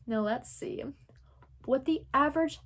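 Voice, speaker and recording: A woman's voice: high-pitched, a little slow, a bit bright. A young woman from Texas giving casual commentary, thinking aloud and rambling with lots of filler words. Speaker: commentary creator.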